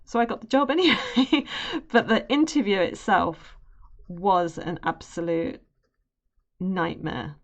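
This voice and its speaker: A woman's voice: mid-range voice, unhurried. A young adult woman on an art stream, animatedly telling a personal story with laughs. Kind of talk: casual storytelling on a live stream.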